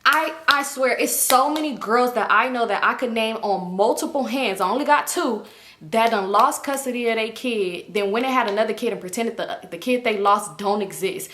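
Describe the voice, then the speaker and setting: With slight background noise behind her, a young woman from the LA area shares a casual, gossipy storytime in a somewhat high, bright voice. She performs the dialogue she quotes and curses without restraint.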